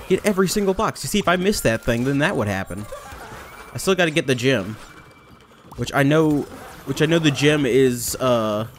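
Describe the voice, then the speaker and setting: A young man chatting through a let's play in a loose, rambling way, often poking fun at himself. His pitch and pace sit in a normal middle range. Every so often he bursts out loudly, and a faint hiss runs underneath. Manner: rambling and self-mocking, with sudden loud outbursts. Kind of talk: casual gameplay commentary.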